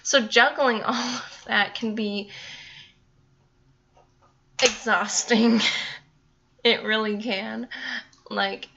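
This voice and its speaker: Young woman vlogging, bright voice, rambly and chatty, slightly muffled audio. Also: fairly high pitch, fairly even intonation, drawn-out words, vocal fry, pauses often. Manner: rambling, chatty, laughs often. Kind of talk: casual talk to camera.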